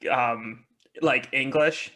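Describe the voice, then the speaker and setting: A man's voice: medium pitch, extremely slow, pushed and bright. A man from Canada co-hosting a casual beer podcast, eagerly explaining slang and swearing casually. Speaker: podcast co-host. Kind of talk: casual chat over beers.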